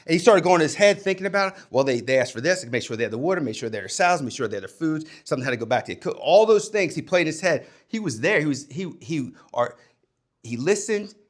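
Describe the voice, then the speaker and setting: A man and former coach giving a motivational talk to young people, emphatic, swinging between loud and hushed delivery. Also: on the high side, animated, fast talker.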